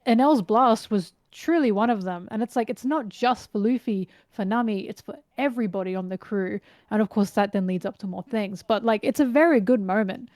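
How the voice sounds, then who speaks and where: A woman's voice: medium pitch, a little fast, few pauses, dry recording. Woman eagerly analyzing, dry close sound. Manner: animated, analytical, retells scenes. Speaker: guest. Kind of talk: casual podcast chat.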